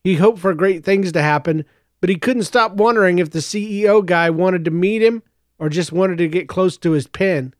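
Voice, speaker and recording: A man narrating a story in a steady, even reading. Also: high voice, moderate pace, no echo, clean studio sound. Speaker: audiobook narrator.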